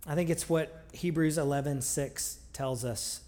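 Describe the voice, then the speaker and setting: A man's voice: a little high, unhurried, dark tone. A man preaching a sermon in a conversational, earnest way, with frequent restarts. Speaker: pastor. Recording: long reverb of a large hall.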